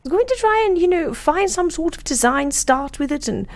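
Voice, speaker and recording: A woman's voice: high voice, lively intonation, moderate pace. A woman roleplaying in character over voice chat, teasing and playful.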